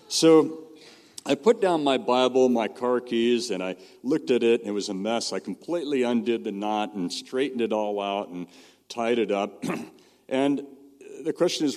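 Middle-aged preacher, lowish voice, chatty storytelling, big reverb from the hall. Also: male voice. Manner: conversational storytelling, drops to soft low tones on key points. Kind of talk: sermon. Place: church or meeting hall. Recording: long reverb of a church hall.

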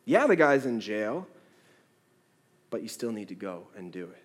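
A man who is a pastor, telling a story in a sermon and acting out the dialogue with lively changes of voice. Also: lowish voice, moderate pace, long reverb tail. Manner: animated storyteller, acts out the dialogue.

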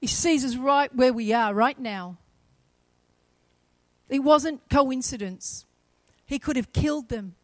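Brit woman preaching a sermon, high voice, dry close mic, storytelling with big loud bits. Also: no room sound. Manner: storytelling preacher, swings from soft to loud, emphatic.

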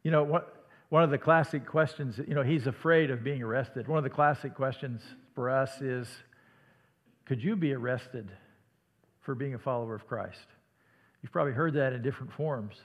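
A man from Iowa with a slight Midwestern accent, preaching a sermon in a conversational way that sometimes drops to a hush. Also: mid-range voice, moderate pace. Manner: conversational, dramatic dips to a hush. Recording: long hall reverb.

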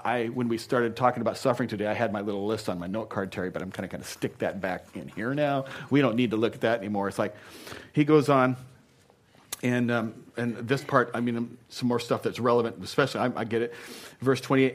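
A pastor preaches a sermon in a playful, animated way, swinging from loud asides to quiet, earnest talk. His voice is lowish and his delivery brisk.

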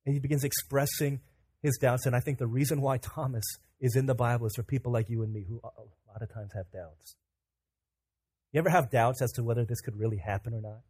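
A young man preaching a sermon, animated and casual, who tells stories and acts out the voices of the people in them. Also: mid-range voice, fast, slightly rough. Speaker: pastor.

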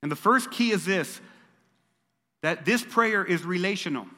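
Older guy preaching, sharp bright voice, repeats stuff for emphasis, echoey church. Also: high-pitched, expressive, a little slow. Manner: emphatic, repeats phrases for stress. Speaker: pastor. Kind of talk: sermon. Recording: long reverb of a large hall.

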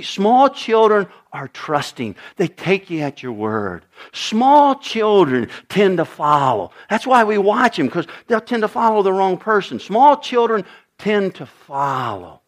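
A man's voice: sits high, very animated, slow. An older man preaching a sermon to his congregation, emphatic and repetitive, often asking his listeners questions. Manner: emphatic, repeats phrases, asks the congregation questions. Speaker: pastor.

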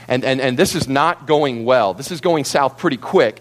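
A man preaching a sermon to a congregation, telling the story in an animated, theatrical way. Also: medium pitch, normal speed, hardly any pauses. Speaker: pastor.

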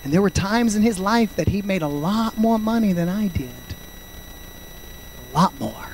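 A man in his fifties preaching a sermon, fervent, swinging between loud shouts and quiet storytelling. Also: high voice, animated, moderate pace, slight background noise, low-quality recording. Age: 50s. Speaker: pastor.

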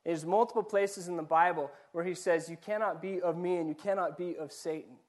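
A man's voice: sits high, fairly even intonation, a little fast. A man, a pastor, preaching a sermon, building points through repeated phrases and direct questions to the listeners. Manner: preaching with rising emphatic repetition.

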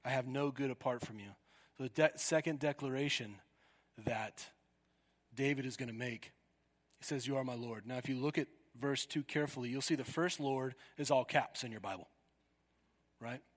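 A man preaching a sermon, emphatic and full of rhetorical questions, swinging from loud declarations to hushed asides. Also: mid-range voice, normal speed. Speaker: pastor. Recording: long hall reverb.

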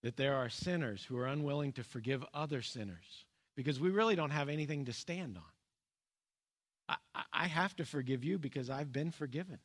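A pastor preaches a sermon in an earnest, plain-spoken manner, his voice at an ordinary middle pitch. He pauses and restarts often, letting key points drop low and soft.

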